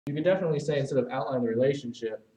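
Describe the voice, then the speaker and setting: A man's voice: medium pitch, rapid-fire, dark tone, far from the mic, poor audio. Guy teaching essay writing, talks while writing on the board, stops n fixes himself a lot. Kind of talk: recorded writing lesson.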